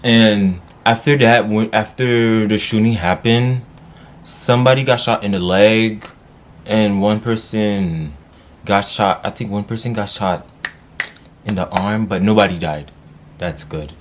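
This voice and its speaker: A man vlogging, wrapping up a story time in a casual, cursing way with sudden high yelps. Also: measured pace, slight background noise. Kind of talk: story time, then sign-off.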